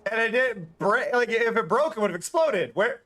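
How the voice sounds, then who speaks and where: A man's voice: high voice, lively intonation, moderate pace, a bit bright. A young man chatting casually on a live stream while playing a game, rambling and laughing often.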